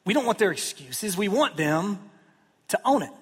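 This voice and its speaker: Pastor guy preaching, fairly high voice, chatty and jokey, big echo of the church hall around him. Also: very animated, moderate pace, husky. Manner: conversational, self-deprecating humor with acted-out quotes. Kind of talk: sermon. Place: church sanctuary. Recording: long hall reverb.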